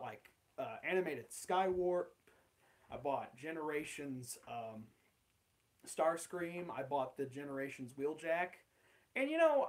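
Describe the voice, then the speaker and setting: A young channel host rambles through an awkward personal story, casual and unscripted, in a voice a bit higher than most men's. He swears freely, laughs, and fills his speech with "like" and "um."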